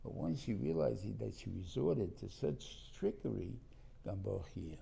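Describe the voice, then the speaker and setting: A man's voice: lowish voice, animated, unhurried, creaky, dark tone, slight background noise. A man teaching a Torah class in a rambling, conversational way, often restarting his sentences and mixing in Hebrew terms.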